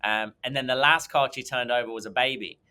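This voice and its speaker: A man's voice: mid-range voice, steady tone, brisk, sharp tone, smooth. A man, a podcast guest, telling a long personal story in a rambling way, with many ums and restarts. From England. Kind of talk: conversational storytelling.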